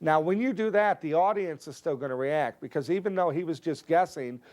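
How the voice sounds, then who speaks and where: A man teaching a card trick, calmly explaining each move step by step and acting out his stage patter. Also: fairly high pitch, brisk. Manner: relaxed, explanatory, steps through moves one by one. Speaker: magic teacher. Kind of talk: instructional explanation with performed patter.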